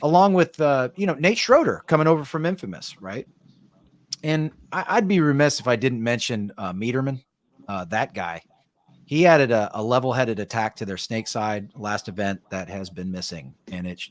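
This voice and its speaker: A man's voice: lowish voice, moderate pace, no echo. Dry-sounding man breaking down paintball teams. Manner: conversational, tag questions, frequent fillers. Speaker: paintball coach and show panelist. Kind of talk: casual podcast analysis.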